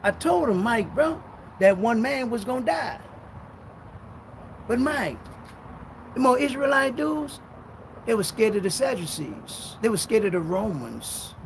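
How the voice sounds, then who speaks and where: A man with a notably high voice preaches a fiery, confrontational sermon. He keeps firing rhetorical questions at his audience. He slows right down to read scripture with force. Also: sing-song, a little hiss or hum. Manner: reads scripture slowly and forcefully. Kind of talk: live-streamed street-style sermon.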